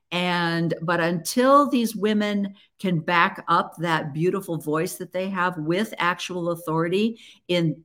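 A woman's voice: on the low side, a bit bright. A woman hosting her own podcast, talking to listeners in an earnest, encouraging way and often restarting her sentences. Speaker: podcast host. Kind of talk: casual solo podcast talk.

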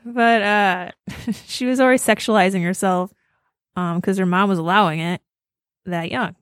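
A woman's voice: medium pitch, steady tone, normal speed, no room sound. Podcast co-host, female, giggly gossip storyteller, dry close mic. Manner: giggly storyteller, acts out quotes. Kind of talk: casual chat.

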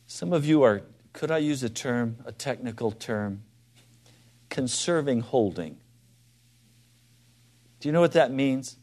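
An unhurried preacher with an expressive, medium-pitched voice pauses often during his sermon. He asks his listeners direct questions and alternates quiet, soft asides with loud, emphatic calls.

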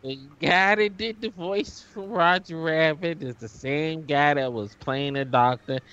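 A man's voice: on the high side, a little slow, a bit bright, smooth, highs cut off. A man co-hosting a movie commentary podcast, wisecracking and cursing in casual chat. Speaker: podcast co-host.

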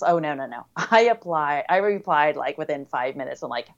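A woman's voice: on the low side, big pitch swings, a little fast, few pauses. American woman, podcast guest, bubbly filler-heavy chat, slightly muffled remote recording. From United States. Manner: chatty, upbeat, many fillers. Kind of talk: casual interview chat.

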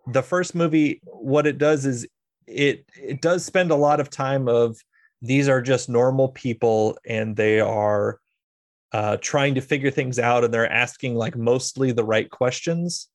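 Man, podcast host, gravelly voice, rambling casual storytelling. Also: mid-range voice, measured pace, no echo. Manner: rambling storyteller, many fillers and restarts. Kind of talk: casual film discussion.

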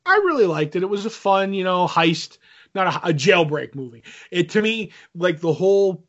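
A man's voice: sits high, sing-song, normal speed, fairly bright tone. Rambling male podcast co-host, lo-fi. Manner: rambling, many fillers and restarts. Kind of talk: casual chat. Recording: dull lo-fi audio.

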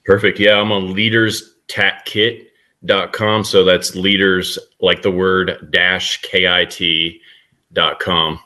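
A man in his forties, a guest telling his story in an upbeat, self-mocking way. His voice sits fairly low but sounds bright and forward. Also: level tone, slow pace. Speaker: guest author, military leader. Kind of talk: interview storytelling.

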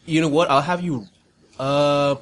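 A man as game master of a tabletop game, calling for rolls in a relaxed way. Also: a little high, a little slow. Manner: relaxed, calls for dice rolls.

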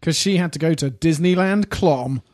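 A man with a fairly high voice chatting casually. He makes wry, sarcastic quips. The sound is dry. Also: moderate pace, darkish tone, no room sound. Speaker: podcast co-host. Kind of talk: casual chat.

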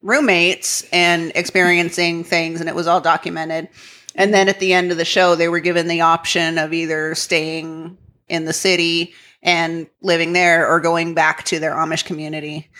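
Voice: medium pitch, flat delivery, moderate pace, sharp tone. A podcast co-host in casual chat who rambles and fills sentences with "like". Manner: rambling, lots of "like".

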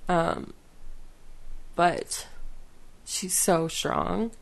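A woman talking casually as a podcast guest, rambling and halting with many fillers and restarts. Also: lowish voice, fairly even intonation, creaky. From western United States. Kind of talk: casual conversation.

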